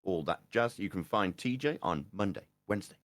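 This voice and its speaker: A man co-hosting a podcast, his voice low but lively and wide-ranging in pitch. He rambles and jokes with casual swearing. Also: brisk. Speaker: podcast co-host.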